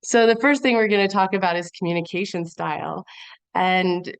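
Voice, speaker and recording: Low, smooth woman presenting on a call. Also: normal speed, no room sound. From Montana. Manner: earnest, conversational with frequent fillers. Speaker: guest presenter. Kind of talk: webinar presentation. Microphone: video call.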